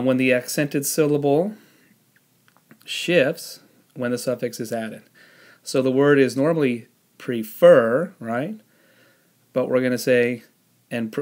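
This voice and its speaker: A man teaching a spelling lesson, explaining the rules patiently step by step and pausing on the odd "um". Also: mid-range voice. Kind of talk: spelling lesson with classroom instructions.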